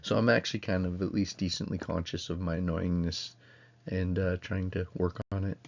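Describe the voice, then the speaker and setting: Low, gravelly-voiced man lecturing. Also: little pitch movement, normal speed, lo-fi sound. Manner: casual, rambling, self-interrupting. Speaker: college instructor. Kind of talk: recorded lecture.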